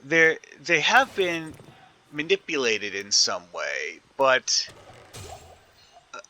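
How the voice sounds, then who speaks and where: Bright, animated man rambling over gameplay. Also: mid-range voice, slow, pauses often. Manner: rambling, thinking aloud with many fillers. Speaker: gaming video creator. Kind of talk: casual gameplay commentary.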